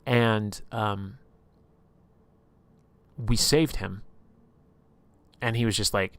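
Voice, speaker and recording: A man casually retelling a tabletop campaign on a live stream, rambling and animated, with lots of filler and swearing. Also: on the low side, very slow, long pauses.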